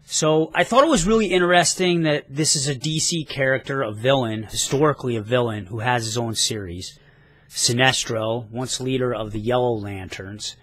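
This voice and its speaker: A man's voice: medium pitch, moderate pace, a bit bright, no room sound. A man talking casually in a rambling, enthusiastic comic book review vlog, now and then swearing.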